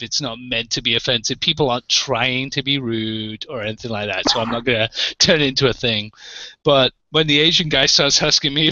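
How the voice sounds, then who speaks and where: A man's voice: mid-range voice, bright, forceful tone, no room sound, dull audio. A man with an English accent, telling a story in casual chat over a video call and laughing through his lines. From England. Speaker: panelist on an online hangout show.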